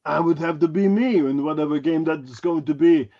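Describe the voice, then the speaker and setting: A man's voice: a little high, brisk, dark tone, muffled recording, close to an everyday voice. A man doing a boastful action-star impression. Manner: mock heavy accent, boastful and crude. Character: a gruff action-film star, impression of a famous bodybuilder-actor.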